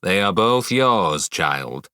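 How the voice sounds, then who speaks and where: A cold, commanding witch assassin woman, as a male narrator puts her on for an audiobook. She speaks in a grave, clipped way, in a lowish register. The recording is dry and close. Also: expressive, slow, bright, forceful tone, clean tone, no echo, full character voice. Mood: stern.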